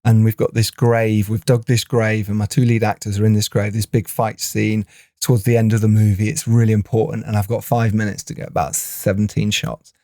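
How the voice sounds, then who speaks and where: A man, a film director co-hosting a podcast, telling stories in animated casual chat and laughing often. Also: lowish voice, brisk, dry recording, studio quality. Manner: animated storyteller, laughs often, restarts phrases.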